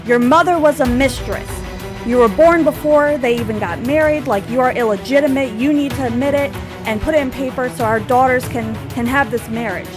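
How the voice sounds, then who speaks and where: A woman playing a cold, commanding king who talks down to everyone around him. The voice sits fairly high and pushes hard and loud on every order, with background music running underneath. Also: normal speed, hardly any pauses, close to an everyday voice. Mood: domineering. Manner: loud, insistent, bullying.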